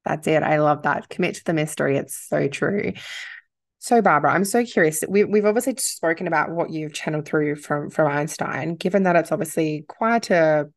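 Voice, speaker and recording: Woman podcast host, deep-ish voice, lots of ums asking her question. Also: normal speed. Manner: hesitant, filler-heavy questions. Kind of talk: interview questions.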